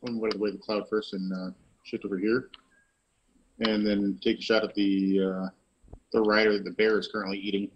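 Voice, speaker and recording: Man, player, husky, lowish voice, laid-back and wry. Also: level tone, moderate pace, dull audio. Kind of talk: casual tabletop game play over voice chat.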